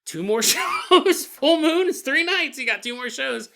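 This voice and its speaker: This podcast host's voice is very high, creaky, pushed and bright, and he speaks expressively at an unhurried pace. On his paranormal show he delivers a comedic riffing monologue, laughing a lot while acting out small scenes.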